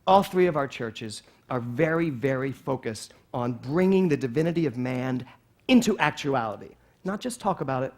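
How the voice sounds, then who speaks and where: A man in his sixties preaching a sermon as a minister in a church, animated, swinging from soft passages to loud exclamations. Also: on the high side. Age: 60s.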